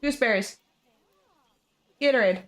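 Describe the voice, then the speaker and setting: Woman game streamer, casual and chatty, slightly high pitch. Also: moderate pace. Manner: chatty, talks to viewers and her pet.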